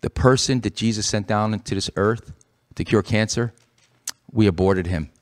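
A man's voice: fairly low pitch, normal speed. A man co-hosting a Christian radio talk program, preaching with passion and repeating phrases for emphasis. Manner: impassioned, rising to forceful emphasis. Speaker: radio show co-host.

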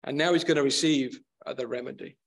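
A man's voice: medium pitch, fairly even intonation, fast talker. A man preaching a sermon in an earnest, emphatic way, often repeating and building up his phrases.

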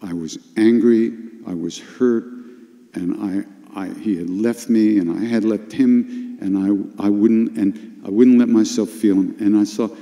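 An older man talks slowly and low, in a dark, mellow voice that carries a long reverb from the hall around him. He tells his story in a confessional, emotional way and now and then breaks into sudden animated bursts. It sounds like a teacher speaking to a retreat audience. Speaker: spiritual teacher at a retreat workshop. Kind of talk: storytelling talk.

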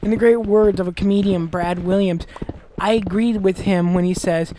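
A woman's voice: medium pitch, steady tone, normal speed, warm tone, a little hiss or hum. A woman hosting a Let's Play, ranting with exasperation and lots of swearing while she plays. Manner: profane, exasperated ranting with mocking voices. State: gassy, clearing throat. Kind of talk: ranting commentary over gameplay.

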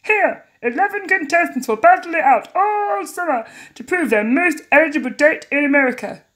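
A woman's voice: high voice, expressive, normal speed, a bit bright, voice pushed up. A woman doing a slick male game-show host. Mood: grand. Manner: announcer-like, grand. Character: smooth, polished male TV dating-show host.

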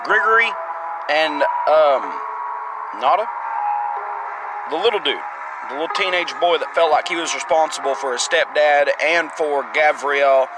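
A man's voice: a little high, a little slow, pauses often, loud music behind the voice, low-quality recording. A man casually commenting on a survival game and reading its text aloud in a plain, rambling way. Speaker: gamer playing a survival game.

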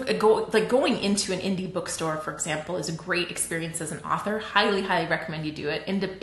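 Chatty Canadian woman in an echoey room. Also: fairly low pitch. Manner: chatty and animated, laughs often. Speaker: livestream host. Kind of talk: casual livestream teaching.

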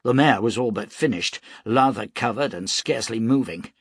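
A man reading an action novel aloud as an audiobook narrator, steady and dramatic. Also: mid-range voice, normal speed, slightly rough, no room sound, clean studio sound. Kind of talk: scripted narration.

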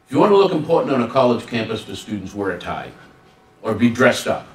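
An animated man with a fairly low voice lectures fast in an echoey room, giving a workshop presentation as a guest speaker on student service. He acts out dialogues with humor, and the mic sits at a distance in the roomy hall.

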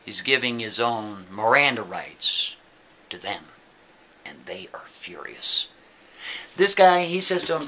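A man telling a story to his audience in a casual, chatty way. His voice is bright and forceful, and his pitch swings widely as he adds animated asides. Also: takes it slowly, pauses often, a little hiss or hum.

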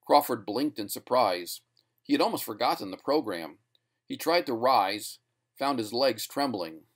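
A man giving a scripted narration of a short story with a steady storytelling delivery. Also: medium pitch, normal speed.

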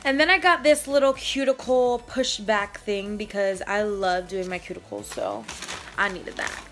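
Bright-voiced chatty young woman vlogger. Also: medium pitch, lively intonation, measured pace. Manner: chatty, slangy, playful, rambling. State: out of breath. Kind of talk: casual haul vlog.

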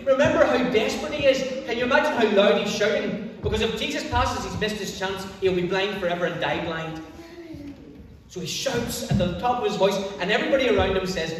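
A man preaching to children and parents at a church holiday club service, telling the story in an animated way with drawn-out, emphatic phrases. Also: high voice. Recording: echoey church hall from far off.

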